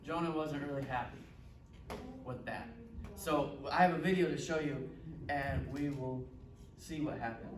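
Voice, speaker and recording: A man's voice: mid-range voice, normal speed, pauses often. A man teaching children a Bible lesson, asking them questions encouragingly. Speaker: Sunday school teacher. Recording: roomy distant classroom audio with noise.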